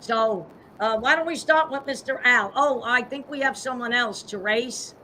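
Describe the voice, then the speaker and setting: A woman's voice: fairly high pitch, bright, forceful tone, slight background noise. A woman hosting a live-streamed show over a video call, upbeat and promotional. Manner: upbeat, promotional, spells out web addresses slowly. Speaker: host and pageant CEO.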